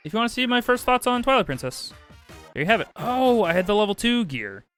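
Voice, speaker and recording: While playing a video game on a live stream, a man keeps up quick, casual commentary for his viewers, one moment yelping with excitement, the next muttering low. Soft background music accompanies him.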